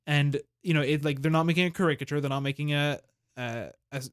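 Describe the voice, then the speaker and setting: A man's voice: fairly high pitch, quick pace, smooth. A man co-hosting a podcast in casual chat, rambling with lots of fillers and restarts. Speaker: podcast co-host.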